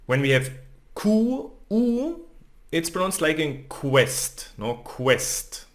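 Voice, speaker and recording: Teaching a language at a slow pace, this man's voice sits a little high, with lively intonation. He spells out letters and sounds individually, and frequently tags his phrases with "no?" or "okay?" throughout the lesson.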